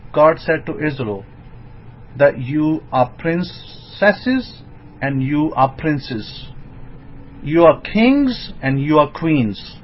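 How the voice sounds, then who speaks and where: A man giving an informal sermon as a rabbi, emphatic and rising into excited bursts. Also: on the high side. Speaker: rabbi teaching. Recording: dull lo-fi recording.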